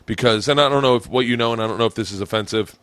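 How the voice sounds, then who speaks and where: A man hosting a podcast, chatting in an animated, profane way and laughing often. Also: fairly low pitch, very fast, dry recording. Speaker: podcast host. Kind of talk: casual podcast chat. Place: home podcast room.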